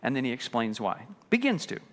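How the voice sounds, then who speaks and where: A pastor preaching a sermon with lively delivery, acting out the voices of people he quotes. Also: mid-range voice, a little fast, long reverb tail. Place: church sanctuary.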